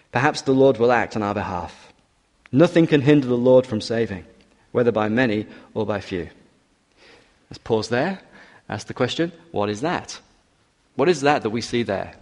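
A man preaching in a reverberant hall. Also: medium pitch. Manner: builds to emphatic urging, teasing asides to the congregation. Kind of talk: expository sermon.

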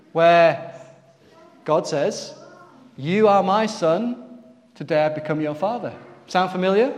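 A man's voice: a little high, a little mellow, in a large hall. A man preaching a sermon to his congregation, asking them questions and calling on people by name.

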